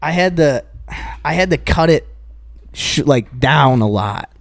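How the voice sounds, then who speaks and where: A man on a podcast, his voice sitting a bit high for a man, with dry sound right up on the mic. He rambles along in casual chat, cursing and circling back on his words as he tells a comedy story. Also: animated, unhurried, vocal fry, no echo. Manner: rambling, profane, many restarts and fillers. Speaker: podcast co-host.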